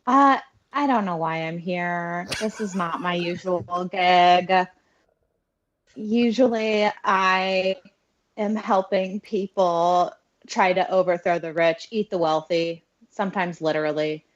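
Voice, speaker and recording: A woman voicing an eco-radical young woman who wants to eat the rich, deadpan and hesitant, in a tabletop game. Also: on the low side, takes it slowly, lo-fi sound. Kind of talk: tabletop role-play.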